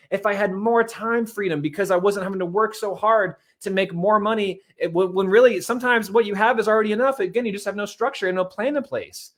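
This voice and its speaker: A man in his thirties delivers a motivational talk with a high, lively voice. He rushes along at a fast clip, repeating himself and addressing listeners as guys. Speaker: host. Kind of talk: motivational talk on money and marriage.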